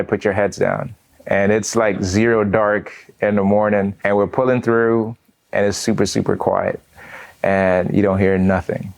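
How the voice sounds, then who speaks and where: Animated man telling his own story. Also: lowish voice. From United States. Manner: animated, laughs at his own memories, peppers speech with "man". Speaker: veteran guest. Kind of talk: casual storytelling interview.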